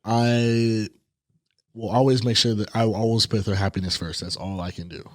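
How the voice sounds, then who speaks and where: Young adult male co-host, lowish and reflective, hesitant delivery, dry close mic. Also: steady tone, normal speed, no room sound. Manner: reflective, hesitant, restarts sentences. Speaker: podcast co-host. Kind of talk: casual chat.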